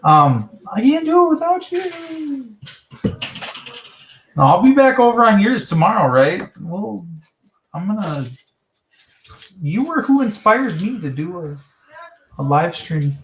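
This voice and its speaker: A man's voice: very animated, a little slow, pauses often, fairly bright tone, echoey room, slight background noise. A man chatting loosely on a live stream, joking and jumping between topics. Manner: joking, jumps between topics, mimics voices in high falsetto. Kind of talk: rambling live stream chat.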